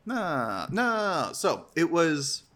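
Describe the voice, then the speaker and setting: A man joins in on a podcast with joking banter and dry, deadpan asides, then starts a story of his own. He talks at an unhurried pace, yet his pitch swings widely. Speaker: podcast co-host. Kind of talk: casual chat.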